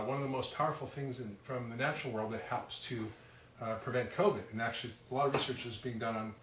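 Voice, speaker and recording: A man's voice: medium pitch, background noise. A man hosting a casual live cooking demonstration from his home kitchen, chatting in a self-deprecating way with many fillers. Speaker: cooking show host. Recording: roomy, distant kitchen sound with loud clatter. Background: cutlery, dishes and chopping clatter.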